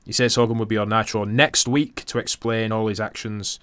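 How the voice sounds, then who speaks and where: A man's voice: lowish voice, little pitch movement, fairly quick, a bit bright, smooth. A man co-hosting a podcast, recapping events matter-of-factly with chuckles. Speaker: podcast co-host.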